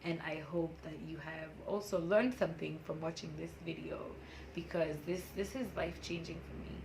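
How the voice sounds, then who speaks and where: Lady in her 20s doing a heartfelt self-help vlog, kinda low voice, faint hum behind her. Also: fairly even intonation, normal speed, gravelly. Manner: candid and emotional, with frequent laughs. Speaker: vlogger. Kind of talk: personal motivational vlog.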